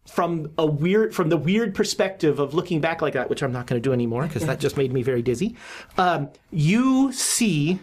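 A game master narrating a horror tabletop game, often pausing and restarting sentences. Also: medium pitch, very animated, a little mellow. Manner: halting, with many restarts and fillers.

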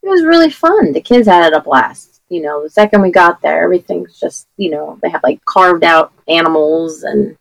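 A woman's voice: lowish voice, lively intonation, normal speed, creaky, hardly any pauses, dry recording, poor audio. A woman in her thirties from New Jersey, co-hosting a podcast, rambling chattily and losing her voice. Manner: rambling, chatty storytelling with fillers. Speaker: podcast co-host. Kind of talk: casual chat.

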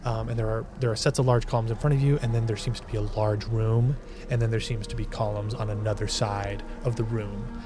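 A man's voice: on the low side, fairly even intonation, a little fast. Male game master, casual loose narration, music playing behind. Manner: loose and searching, with many fillers.

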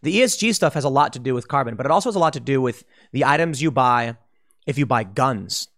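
A man's voice: medium pitch, lively intonation, fast, fairly bright tone. A man giving an emphatic opinion commentary, warning listeners and sketching scenarios. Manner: emphatic, warning, speculative, with restarts. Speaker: political commentator.

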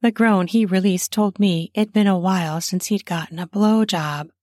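A woman narrating an erotic story in the first person, soft and breathy, sometimes dropping to a whisper. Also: mid-range voice, steady tone, normal speed, no echo, studio quality.

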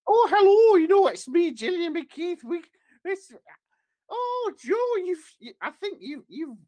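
A man putting on a high-pitched, prying female nutritionist with a wobbly mock Scottish-Welsh accent. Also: big pitch swings, measured pace, a little mellow, no room sound, full character voice. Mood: scolding. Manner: high, sing-song, nagging.

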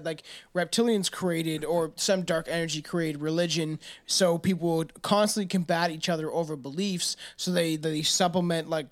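A man on a casual podcast, rambling and swearing as he muses about spirits and beliefs. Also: high-pitched. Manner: rambling, profane, speculative musings.

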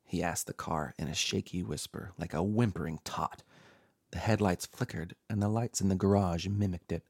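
Horror podcast narrator, low gravelly man, measured dramatic reading. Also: dry recording, studio quality. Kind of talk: scripted horror story narration. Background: faint music.

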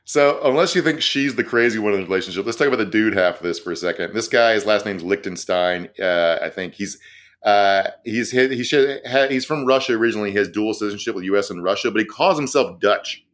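Low-pitched young male co-host, sardonic and profane, casual podcast banter. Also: fairly bright tone. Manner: profane, sardonic, quick asides. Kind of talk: casual comedic news chat.

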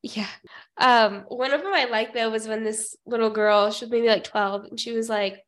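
A young woman co-hosts a podcast with a voice that sits a little high. She chats casually with a snarky edge and often laughs or trails off mid-sentence. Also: steady tone, normal speed, a bit bright. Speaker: podcast co-host.

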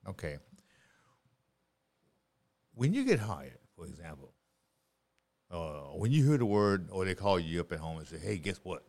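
Middle-aged male guest, lively sing-song pitch, preachy and repetitive, casual podcast talk. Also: unhurried, long pauses. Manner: animated, repeats words, preachy.

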